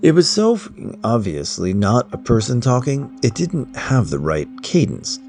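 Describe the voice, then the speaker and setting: A man's voice: medium pitch, big pitch swings, moderate pace, a little mellow, faint music behind. A man narrating a first-person horror story in a blunt, profane, conversational way.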